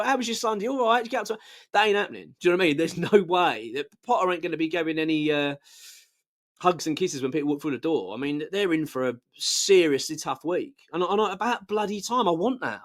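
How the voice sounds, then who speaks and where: Male fan-channel host, high-ish voice, blunt and heated, stumbles and restarts as he rants. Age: adult, married. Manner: passionate and blunt, with frequent restarts. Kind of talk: casual football fan commentary.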